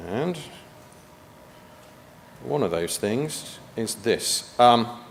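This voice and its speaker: A man's voice: mid-range voice, lively intonation, very slow, a little hiss or hum. A man giving a conference talk in a chatty style, with joking asides, in a meeting room. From United Kingdom. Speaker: conference presenter. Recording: long reverb of a meeting hall.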